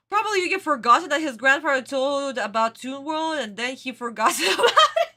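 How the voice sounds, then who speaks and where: A woman's voice: high-pitched, very animated, moderate pace, hardly any pauses, bright, forceful tone. A woman hosting a reaction video, ranting in exasperation and laughing at what she watches. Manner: exasperated, rants and laughs at the show. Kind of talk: casual reaction commentary.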